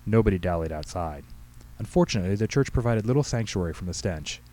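A man reading aloud his own humorous short story with a brisk, wry delivery. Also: fairly low pitch, expressive, mellow, rough recording. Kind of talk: storybook narration.

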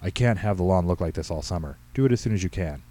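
A man's voice: low-pitched, expressive, fast talker, mellow. A man doing a long-winded small-town pastor. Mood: earnest. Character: wordy male pastor, absorbed in his sermon.

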